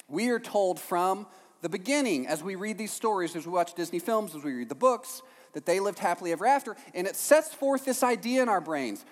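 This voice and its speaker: A man preaching a sermon to a congregation, animated, with jokey asides and frequent "right?" checks to the room. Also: sits high. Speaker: pastor. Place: church hall with a congregation. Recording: long hall reverb.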